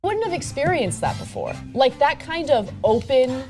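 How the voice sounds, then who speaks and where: A woman's voice: high-pitched, huge pitch swings, normal speed, a little mellow, faint music behind. Earnest, indignant woman commentator. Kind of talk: telling a personal story.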